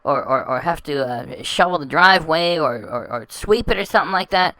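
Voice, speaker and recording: A woman's voice: low voice, animated, a little fast, fairly bright tone, no echo, poor audio. A woman hosting a reaction channel, talking over clips in a scornful, insulting way and often stumbling and repeating words. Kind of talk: mocking commentary over clips.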